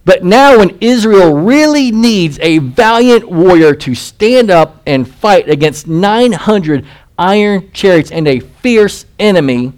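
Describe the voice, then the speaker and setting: A man's voice: high-pitched, animated, slow pace. A male pastor giving an expository sermon, reading scripture aloud and putting rhetorical questions to his listeners.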